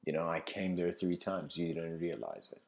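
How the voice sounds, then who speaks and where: A man voicing a calm, unseen divine voice heard in a dream, speaking quietly. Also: low-pitched, normal speed, gravelly.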